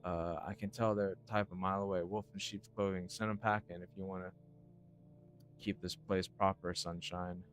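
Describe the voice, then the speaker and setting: A man voicing a cocky, menacing drifter in a game, using a put-on British accent and a sneering, loud delivery. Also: deep voice, level tone, normal speed, slight background noise, lightly acted.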